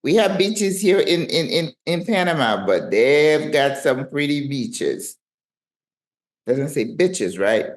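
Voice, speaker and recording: Telling a travel tale to camera from home, this sixty-something woman with a French accent, who vlogs about retirement travel, is chatty and teases herself. Her low voice is expressive and unhurried, with hardly any pauses.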